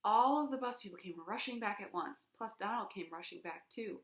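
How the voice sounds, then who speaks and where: A woman reading a children's chapter book aloud in an expressive way, acting out the sound effects. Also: mid-range voice, fairly quick, echoey room. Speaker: reader.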